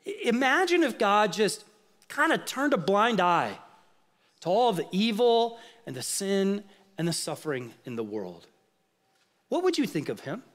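A man preaching a sermon, pressing the audience with rhetorical questions and swinging from emphatic outbursts to low, quiet asides. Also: very animated, unhurried. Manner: rhetorical questions, rising to emphatic outrage then dropping low. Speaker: pastor.

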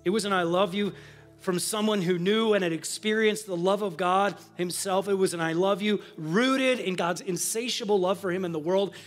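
Male pastor with a high voice who preaches his testimony earnestly over faint music. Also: normal speed, hardly any pauses. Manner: earnest and confessional, swinging from hushed to emphatic. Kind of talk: sermon with personal testimony.

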